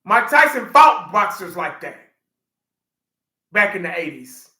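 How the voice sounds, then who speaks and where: A man in his forties chatting casually on a livestream, an animated storyteller who laughs often and talks to his chat. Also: sits high, unhurried, reverberant, low-quality recording. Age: 40s. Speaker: livestream host.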